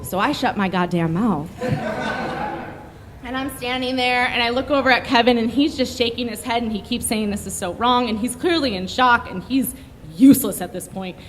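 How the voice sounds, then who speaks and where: A young woman telling a story on stage in a brash, profane, animated way. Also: a little high, normal speed, long reverb tail, slight background noise.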